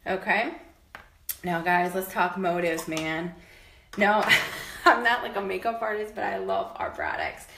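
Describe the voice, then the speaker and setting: Enthusiastic woman in her fifties, casual vlogger, slightly low pitch, roomy echo. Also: big pitch swings, unhurried, long pauses. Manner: chatty and enthusiastic, with many fillers. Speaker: home tour vlogger. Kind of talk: casual product show-and-tell. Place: inside a home. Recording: echoey room, faint noise.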